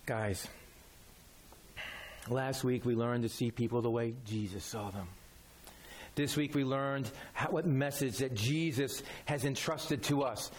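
A man's voice: mid-range voice, a little slow. A man preaching a sermon as a pastor, talking directly and conversationally, repeating his key phrases.

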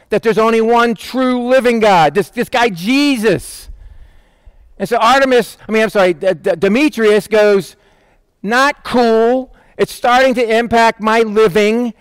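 High-voiced preaching man, animated. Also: smooth, no echo. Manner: animated, acts out quoted voices. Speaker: pastor. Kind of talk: sermon.

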